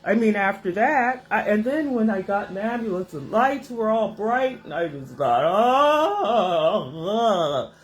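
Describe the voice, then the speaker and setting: A woman host telling a rambling personal story to her viewers in a casual, animated way, recorded in her home kitchen. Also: medium pitch, moderate pace, hardly any pauses, slight background noise. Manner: animated, rambling, acts out voices in her stories.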